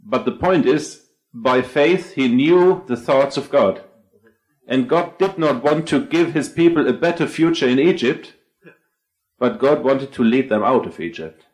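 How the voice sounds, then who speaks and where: A man's voice: medium pitch, animated, measured pace, a little mellow, poor audio. A man taking part in a group Bible discussion, explaining his thoughts in a reflective way. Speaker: Bible study participant.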